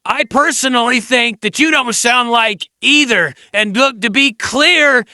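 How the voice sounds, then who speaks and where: A man's voice: extremely high pitch, a little slow, bright, forceful tone, dry recording. A male commentator giving blunt, scolding reaction commentary.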